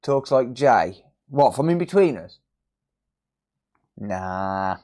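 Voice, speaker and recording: A man chats and jokes with his stream audience in a loose, cheeky banter that turns a bit sweary. His pitch swings widely up and down. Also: very animated, takes it slowly, darkish tone. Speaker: repair streamer. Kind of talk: casual live-stream chat.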